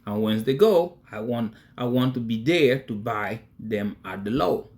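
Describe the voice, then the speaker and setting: A man's voice: medium pitch, lively intonation, unhurried, darkish tone. A man talking casually to his viewers, emphatic and chatty, often breaking into laughter. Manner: emphatic, addresses viewers directly. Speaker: crypto investing vlogger. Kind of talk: casual talk to camera.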